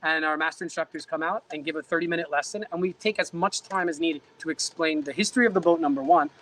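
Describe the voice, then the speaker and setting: A man's voice: on the high side, fairly even intonation, fast talker, fairly bright tone, poor audio. A man who runs a boat rental, explaining the boats in an upbeat, joking salesman patter. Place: outdoors on a boat in a lagoon.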